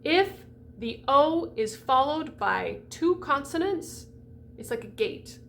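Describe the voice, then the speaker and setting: A woman's voice: high voice, big pitch swings, slow pace, creaky, fairly bright tone, slight background noise. Chatty, emphatic woman voice coach. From United States. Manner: chatty, emphatic, demonstrates sounds aloud. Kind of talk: pronunciation lesson for singers.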